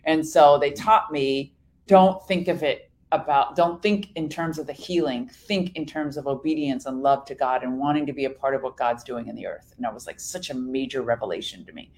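A woman's voice: a bass voice, normal speed. Woman co-host, middle-aged, chatty storyteller, does everyone's lines. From Iran. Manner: animated storytelling, acts out quoted speech. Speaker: podcast co-host. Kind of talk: casual chat.

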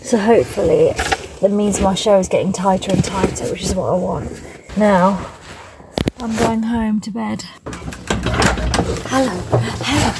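A woman's voice: medium pitch, fairly even intonation, normal speed, vocal fry. A woman of thirty-eight, a stand-up comedian talking in a chatty, self-mocking vlog style. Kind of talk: casual vlog-style monologue. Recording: noisy background.

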